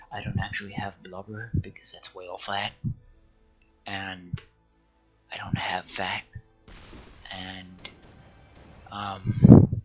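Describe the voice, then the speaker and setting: A man's voice: deep voice, level tone, slow pace, vocal fry, pauses often, a little mellow, husky, highs cut off, soft background music. A man giving rambling, self-deprecating let's play commentary, often talking to himself. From United States. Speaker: gaming channel host.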